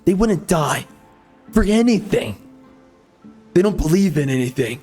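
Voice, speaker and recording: Male gameplay host, bitter sarcastic ranter, slightly high-pitched, faint game music under him. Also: expressive, unhurried, long pauses, darkish tone. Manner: angry, sarcastic, mocking. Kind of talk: ranting commentary over gameplay.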